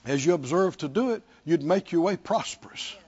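A man's voice: fairly high pitch, animated, moderate pace, a little mellow, slightly rough, highs cut off. A middle-aged man preaching a sermon as pastor, emphatic and calling out to the congregation.

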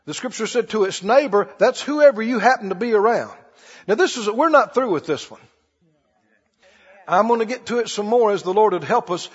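Here a husky, high-pitched male pastor gives a chatty sermon, quizzing his congregation and performing little scenes. It's captured in dull, lo-fi sound that rings with lengthy hall reverb.

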